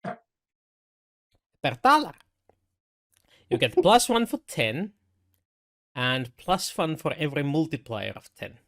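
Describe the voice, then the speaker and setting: A man's voice: on the high side, very animated, slow pace, long pauses, a bit bright. A man narrates a tabletop role-playing game as the game master. He stops and restarts often, fills gaps with ums and uhs, and laughs easily with his players. The sound suggests a mic at home on a voice call. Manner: hesitant, filler-heavy, laughs often.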